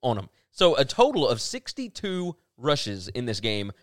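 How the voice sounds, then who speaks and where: A man co-hosts a casual football podcast, working through numbers with emphatic delivery. His pitch moves a lot, and the recording is dry and close. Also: huge pitch swings, unhurried, no echo. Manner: runs through stats, emphatic. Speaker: podcast co-host. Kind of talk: casual sports talk.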